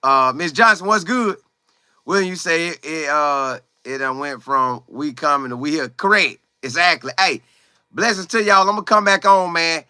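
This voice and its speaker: A man hosting a casual football livestream, greeting viewers by name and talking in animated, quick bursts. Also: on the high side, clean tone, no room sound, clean studio sound. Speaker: livestream host. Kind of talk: casual live chat about football.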